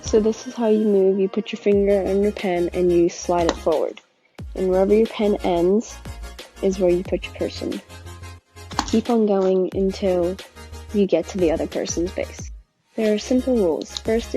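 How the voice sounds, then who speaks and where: A woman's voice: mid-range voice, steady tone, moderate pace, pauses often, mellow, soft background music. A woman patiently explaining how to play a simple drawing game, step by step. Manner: instructive, patient. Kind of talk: tutorial video.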